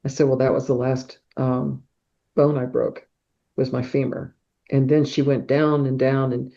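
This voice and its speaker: Middle-aged woman, mellow voice, animated storyteller. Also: rumbling low, unhurried, creaky. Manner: animated storyteller who acts out sounds like whooshes and claps. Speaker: podcast guest. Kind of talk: personal storytelling in an interview. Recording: dull, muffled podcast audio.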